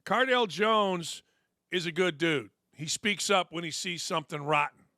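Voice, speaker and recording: A man's voice: sits high, moderate pace, sharp tone, no room sound, clean studio sound. A middle-aged man hosting a sports talk show, delivering a blunt, sarcastic, fired-up opinion monologue.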